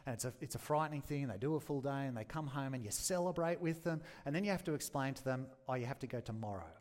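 A man's voice: medium pitch, a little mellow. A man preaching an expository sermon in an earnest, grave teaching tone. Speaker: pastor.

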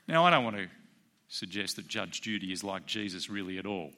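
A man preaching a sermon in a conversational way, acting out the quoted voices with sudden jumps in pitch. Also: a little fast. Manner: animated, acts out quoted voices with rising pitch; conversational, with fillers. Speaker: pastor.

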